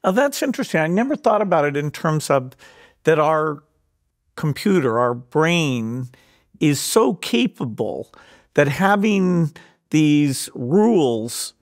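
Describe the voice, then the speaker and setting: A man's voice: on the high side, sing-song, slow pace. A man hosting a podcast interview, talking casually and hesitantly with fillers. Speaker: podcast host. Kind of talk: conversational interview.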